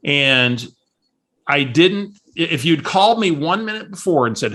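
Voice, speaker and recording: On a call, a real estate coach tells a lively story and performs the voices of its characters. His voice sits in the mid range, and he speaks at a moderate pace.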